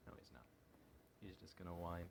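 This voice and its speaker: A man's voice: low-pitched, brisk, vocal fry, slight background noise. A man filming casually at home, chatting and cooing baby talk at his cat. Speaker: channel host. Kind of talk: casual home video chat.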